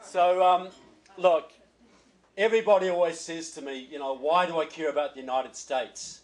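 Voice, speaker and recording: A man's voice: on the high side, fairly even intonation, moderate pace, low-quality recording. A man with a New Zealand accent, a guest speaker giving a political speech at a reception, folksy with joking asides and repeated words as he starts phrases.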